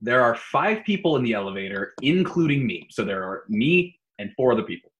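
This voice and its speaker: A man's voice: mid-range voice, fairly quick, poor audio. A man co-hosting a casual podcast, reading out riddles and running a playful tier-list segment. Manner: animated quiz-giver, playful. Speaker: podcast co-host.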